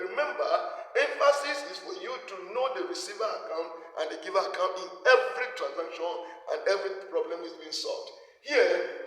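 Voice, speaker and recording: A man's voice: high voice, a bit bright. A man teaching an accounting lesson as a tutor, explaining step by step and repeating key points for emphasis. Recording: very echoey room with long reverb.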